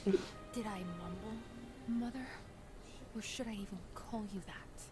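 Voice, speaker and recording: A woman's voice: medium pitch, a little slow, close to an everyday voice. A woman voicing a spirited young princess in a game cutscene, speaking with hurt defiance. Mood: defiant. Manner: emotional, accusing, bold. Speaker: game character. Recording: music playing behind.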